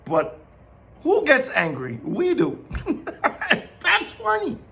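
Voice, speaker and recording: A man's voice: very high voice, wildly swooping pitch, slow, creaky, pushed and bright. A man giving an informal Bible teaching. He talks in a conversational way, asks many questions and laughs often. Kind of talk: informal sermon.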